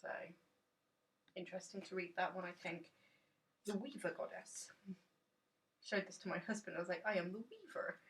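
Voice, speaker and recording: A woman's voice: lowish voice, fairly even intonation, normal speed, pauses often, recorded from a distance. A woman chatting enthusiastically and rambling casually about a tarot deck in a dim room.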